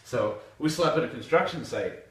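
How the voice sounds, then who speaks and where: A young man from Canada hosting a podcast, telling a rowdy story in a profane, animated way with bursts of laughter. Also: mid-range voice, normal speed. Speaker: podcast host. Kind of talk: casual storytelling. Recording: echoey room from far off.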